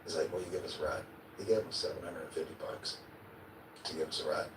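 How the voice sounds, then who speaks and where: Man, low voice, animated storyteller, echoey distant sound, noisy replayed clip. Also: fast talker. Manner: vivid storyteller, acts out his own quotes, swears and chuckles. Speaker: interview guest. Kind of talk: casual storytelling in an interview.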